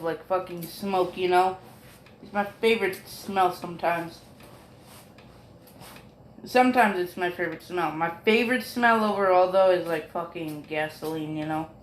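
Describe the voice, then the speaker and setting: A man's voice: high-pitched, normal speed, reverberant, slight background noise. A man narrating a fan story in a rambling, casual way, swearing often and filling gaps with ums and apologies. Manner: rambling, profane, full of fillers and apologies.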